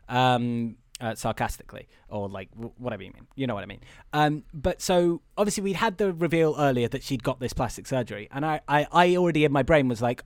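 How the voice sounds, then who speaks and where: A man co-hosting a podcast, casually recapping a movie in a rambling, animated way with impressions. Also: mid-range voice, a little fast, no echo, studio quality. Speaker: podcast co-host.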